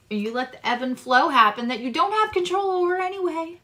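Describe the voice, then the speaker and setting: A woman giving a casual tarot reading to her viewers, chatty and animated, swearing casually and swinging between loud bursts and soft asides. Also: high voice, normal speed, few pauses. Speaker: tarot reader and astrologer.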